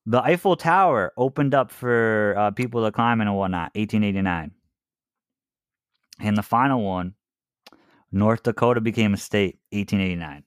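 A man's voice: lowish voice, moderate pace, dry recording, studio quality. A man co-hosting a casual podcast, sharing trivia and teasing his friends. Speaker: podcast co-host. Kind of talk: casual chat.

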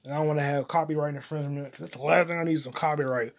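A man hosting his own solo comedy podcast, cursing often and rambling while he eats popcorn, his voice swinging between loud outbursts and mutters. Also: fairly even intonation, very fast, creaky. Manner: profane, loud swings in volume and pitch; eating popcorn while talking. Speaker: podcast host.

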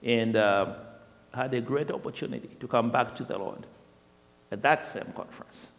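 Animated man telling his testimony. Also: mid-range voice, moderate pace, vocal fry. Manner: animated storyteller, laughing and repeating himself. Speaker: speaker sharing a testimony. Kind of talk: personal testimony storytelling. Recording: long reverb of a large hall.

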